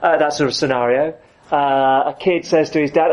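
A man's voice: mid-range voice, brisk, darkish tone, highs cut off, slight background noise. A man preaching a sermon, acting out the voices of the people he quotes.

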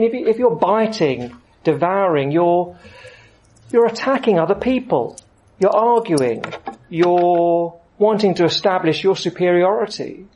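A man preaching a sermon, with lively storytelling and rising emphasis. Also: high-pitched, muffled recording.

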